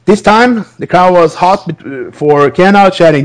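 A man's voice: high voice, normal speed, hardly any pauses, a little hiss or hum. A man hosting a podcast, recapping wrestling in a rambling, casual way, laughing often between restarts. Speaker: podcast host.

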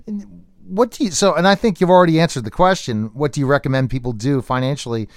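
A man's voice: fairly high pitch, quick pace, no echo, studio quality. A man hosting an interview show, asking questions casually and thinking aloud as he goes. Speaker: show host.

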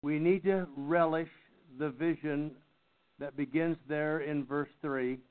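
A man's voice: on the high side, steady tone. Older man teaching Bible study over tinny line. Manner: halting, frequent throat clearing. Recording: tinny phone-like sound.

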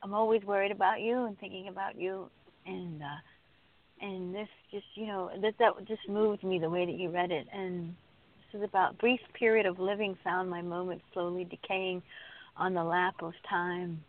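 A woman co-hosting a live poetry radio show, speaking softly and emotionally and reading poems aloud. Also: fairly low pitch, steady tone, moderate pace. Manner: emotional, soft-spoken, laughs while reading. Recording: tinny phone-line audio.

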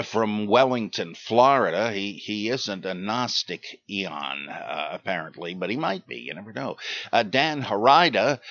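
A man's voice: on the low side, a bit bright. An older man hosting a podcast, reading out listener names and questions in a rambling way with dry asides and many hesitations. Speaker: podcast host. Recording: dull lo-fi recording.

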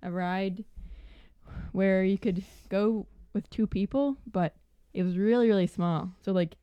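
A young woman telling a work story casually on a podcast, animated and full of "like" fillers. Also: mid-range voice, a little slow, smooth, no room sound, lo-fi sound.

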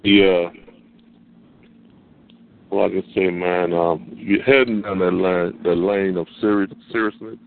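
A man calls in to a radio talk show, his voice low and gravelly. He talks bluntly in crude slang. The sound is thin, like a phone line. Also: steady tone, unhurried, long pauses. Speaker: caller. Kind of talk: call-in comments.

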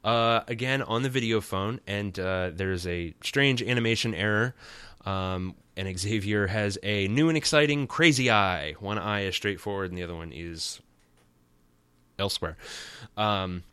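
A man's voice: fairly low pitch, a little slow, sharp tone, smooth, dry recording. A man hosting a podcast, giving a rambling, wry and sarcastic recap of a cartoon episode. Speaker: podcast host.

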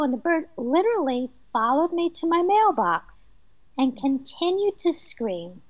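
A woman from New Jersey, a medium and author, telling lively personal stories as a guest in a radio interview, laughing often. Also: high-pitched, unhurried, no echo, highs cut off. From New Jersey, USA.

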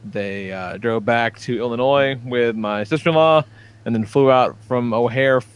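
A man's voice: mid-range voice, moderate pace, clean tone. A man in his thirties telling rambling, profane stories on a casual podcast. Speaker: podcast co-host.

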